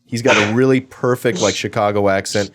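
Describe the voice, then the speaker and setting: A man's voice: on the low side, fairly even intonation, a little fast. A man hosting an interview show, talking in a casual, chatty way and often repeating words as he restarts.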